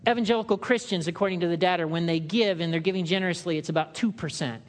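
A man preaching a sermon in a conversational way, acting out quotes in loud, higher voices. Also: fast, big-room sound. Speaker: pastor.

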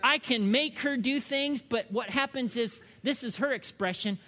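A man with a high, light voice preaches in a chatty, conversational way, often pausing to ask the room "okay?" His words ring out with a long reverb, as if in a large sanctuary. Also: sharp tone. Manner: conversational, with frequent rhetorical check-ins and asides. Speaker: pastor. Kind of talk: sermon.

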